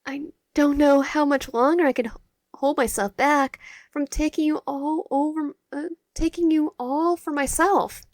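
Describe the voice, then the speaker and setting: A woman's voice: high voice, steady tone, a little slow, no echo, studio quality, pitched above the performer's own voice. A woman reading as a possessive young yandere man. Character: obsessive young male yandere, softly possessive.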